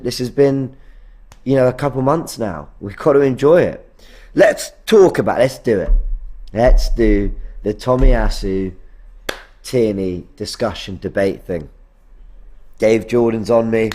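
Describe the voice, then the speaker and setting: A man's voice: mid-range voice, darkish tone. A man hosting a live post-match fan stream, talking in a rambling way, correcting himself and reading out viewer comments. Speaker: fan channel host.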